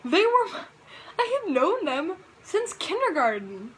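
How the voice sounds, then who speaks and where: A teenage girl telling a story to her camera in a casual, animated, dramatic way. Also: extremely high pitch, slow pace, slight background noise, poor audio. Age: teens. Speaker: vlogger.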